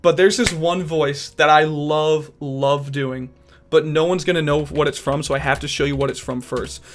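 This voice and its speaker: A young man in casual chat who talks in an animated, sporadic way about trying to become a voice actor. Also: fairly high pitch. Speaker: aspiring voice actor and podcast guest.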